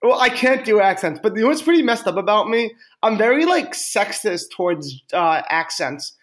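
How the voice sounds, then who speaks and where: A man's voice: high voice, big pitch swings, normal speed, a bit bright. A man co-hosting a podcast in casual comedic banter, rambling with stammers and frequent laughs. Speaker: podcast co-host.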